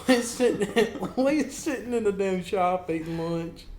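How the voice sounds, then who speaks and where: A man's voice: high voice, measured pace. A man hosting a casual chat, telling profane stories with lots of swearing. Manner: profane, animated storyteller. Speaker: podcast host. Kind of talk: casual comedic storytelling chat. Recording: echoey room with faint ambience.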